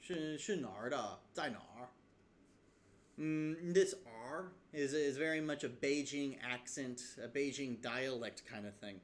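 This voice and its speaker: A man's voice: mid-range voice, unhurried. A man teaching from his own language study in a casual video lesson, thinking aloud with fillers and restarts. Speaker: language learner explaining lessons.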